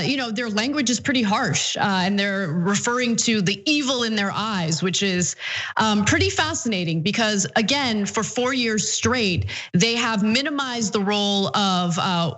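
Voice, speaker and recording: Woman co-host, measured with fillers. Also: mid-range voice, a bit bright. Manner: measured, many fillers like "uh" and "you know". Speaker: political commentary co-host. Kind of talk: opinionated political commentary.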